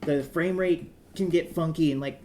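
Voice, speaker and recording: Man podcast co-host, mellow voice, rambly and profane, light hiss behind. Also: a little high, normal speed. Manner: swears freely, animated and rambling. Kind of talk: casual gaming chat.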